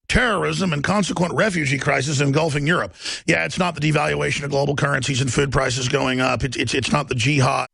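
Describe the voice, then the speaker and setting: A man delivers exasperated, sarcastic political commentary in a husky, gravelly voice. He sits a little high for a man. The sound is dry and close, with a faint guitar track running behind him. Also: fairly bright tone, dry recording. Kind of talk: ranting commentary over music.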